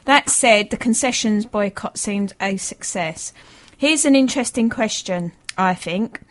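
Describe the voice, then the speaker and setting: A woman co-hosts a football radio show, reading listener emails aloud and chatting with lots of fillers. Her mid-range voice moves at a measured pace, and she sounds chatty, hesitant and prone to laughing.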